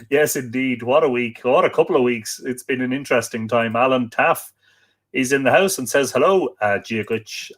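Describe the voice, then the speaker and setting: A man's voice: mid-range voice, a bit bright. An Irish man hosting a live online show, chatting casually and reading out greetings from viewers. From Ireland. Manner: chatty, reads out viewer comments. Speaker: livestream host. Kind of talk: casual livestream chat.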